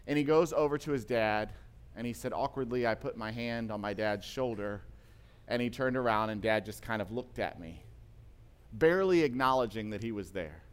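A man's voice: lowish voice, normal speed, clean tone. Man preaching through a retold story. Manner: retells a story with varied loudness, acting out quoted voices. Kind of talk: sermon storytelling.

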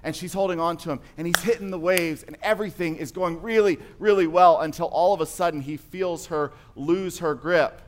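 Preaching a sermon, a pastor whose voice sits high speaks briskly with hardly any pauses. He tells stories in a conversational way that builds into emphatic passages.

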